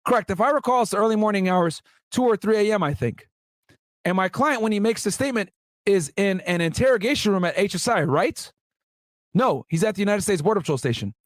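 A man's voice: sits high, dry recording. A man and former federal agent telling a story in a casual vlog, reading out court transcripts with slangy asides to his viewers. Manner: chatty, addresses viewers as guys, slangy asides.

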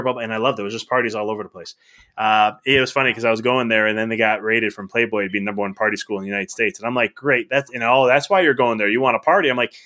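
A middle-aged man as a podcast guest, telling stories in a casual, animated way, acting out the dialogue with frequent restarts. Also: medium pitch. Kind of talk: casual storytelling.

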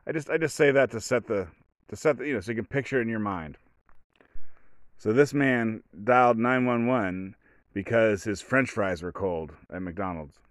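A man with a lowish voice talks loosely through a solo podcast episode. He wanders, corrects himself and starts sentences again. The sound is close and dry, with no room around it. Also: normal speed, no room sound. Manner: rambling, self-interrupting storyteller. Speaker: podcast host. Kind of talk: solo casual podcast monologue.

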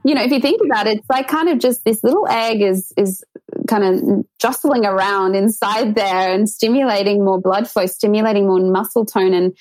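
A woman's voice: mid-range voice, moderate pace, a little mellow, rough recording. A woman intimacy coach, a guest on a podcast, talking earnestly and at length in a casual, flowing way with many fillers. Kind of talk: casual interview talk.

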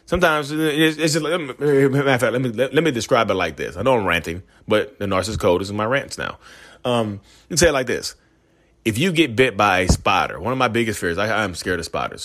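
Man, low voice, rambling, repeats himself, casual rant. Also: fairly bright tone. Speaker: self-aware narcissist vlogger. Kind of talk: ranting casual monologue to camera.

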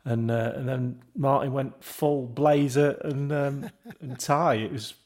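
A man of mid pitch tells a podcast story in lively, rapid bursts, breaking into laughter often. He speaks as a former footballer recalling a funny moment, loose and chatty. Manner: animated anecdote-telling, laughing often, quick bursts. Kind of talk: casual chat.

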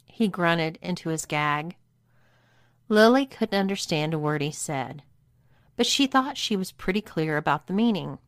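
A woman narrating an erotic story in a steady, even reading voice. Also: lowish voice, unhurried, no echo, studio quality. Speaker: story reader.

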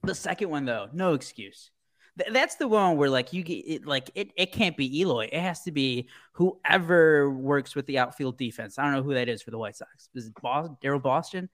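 Animated sports podcast co-host. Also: moderate pace. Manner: animated, acts out players with high put-on voices. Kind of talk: casual sports chat.

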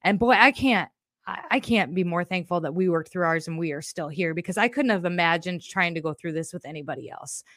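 A woman's voice: on the low side, fairly quick, fairly bright tone, no room sound, clean studio sound. A woman hosting her live podcast, talking candidly and emotionally in a rambling, casual way, a bit shaken and teary. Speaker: podcast host. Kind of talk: casual live-stream monologue.

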